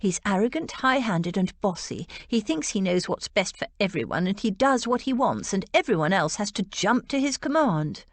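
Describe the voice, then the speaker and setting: A woman's voice: mid-range voice, big pitch swings, normal speed, hardly any pauses, no room sound. A woman reading as a stubborn young Regency lady. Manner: emphatic, stubborn.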